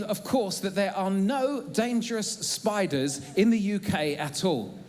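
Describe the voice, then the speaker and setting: A man, preaching a sermon to a church congregation in a chatty, humorous way with plenty of ums and uhs. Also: high-pitched. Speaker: pastor. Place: church auditorium.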